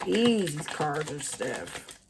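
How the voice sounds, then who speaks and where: Slow, chatty woman reading tarot. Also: low-pitched, wildly swooping pitch, noisy background. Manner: chatty, thinking aloud, many fillers. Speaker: tarot reader. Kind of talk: casual tarot reading vlog.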